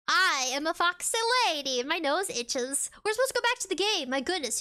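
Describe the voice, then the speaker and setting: Goofy lady streamer rambling at her chat, really bright sharp voice. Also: sits high, animated, brisk, hardly any pauses. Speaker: VTuber streamer. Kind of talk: casual live-stream chat, reading chat and game text.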